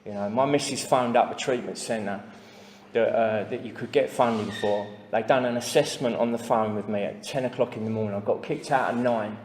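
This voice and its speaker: A man's voice: on the low side, fairly even intonation, brisk, darkish tone, a little hiss or hum. A man with an English accent sharing his recovery story at a meeting, plain-spoken and full of asides and fillers. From England. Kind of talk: personal testimony to a recovery meeting. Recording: echoey hall with long reverb.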